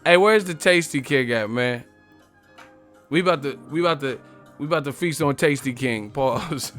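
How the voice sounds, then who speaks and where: A man's voice: on the high side, moderate pace, fairly bright tone, faint music behind. A man hosting a casual live stream, reading chat messages and mocking viewers, profane and laughing often. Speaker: boxing live stream host.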